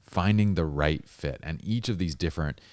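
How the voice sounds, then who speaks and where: A man hosting a podcast in a relaxed, slangy way. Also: deep voice, normal speed, dry recording. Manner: relaxed, slangy, says "dude". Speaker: podcast host. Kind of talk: casual podcast interview.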